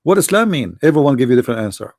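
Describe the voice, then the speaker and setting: Gravelly Arabic-accented man, challenging. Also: medium pitch, very animated, racing, dry recording, clean studio sound. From Middle East. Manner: challenging, insistent questioning. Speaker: debate livestream host. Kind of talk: live debate call-in stream.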